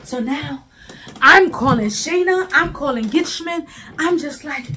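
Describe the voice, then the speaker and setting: A woman from Brooklyn, telling a story in an animated, emphatic, profane way. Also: sits high, measured pace. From Brooklyn, New York. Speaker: storyteller vlogger. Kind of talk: casual storytime.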